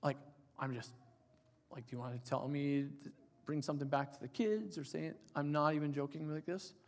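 A man in his forties preaching a sermon, telling an emotional personal story and dropping to soft, quiet tones for emphasis. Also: fairly high pitch, steady tone, brisk. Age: 40s. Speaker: pastor. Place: church hall. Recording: reverberant church hall.

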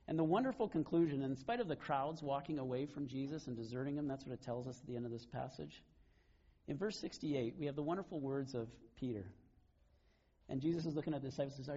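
Middle-aged male pastor, relaxed, a little breathy, earnest sermon delivery. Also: mid-range voice, a little fast, dull audio. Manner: conversational, earnest, laughs between points.

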